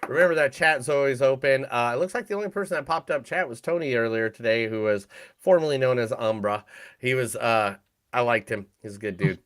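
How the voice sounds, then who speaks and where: Bright-voiced joking male podcast host. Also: medium pitch, brisk. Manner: joking, goofy, loose. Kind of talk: casual chat.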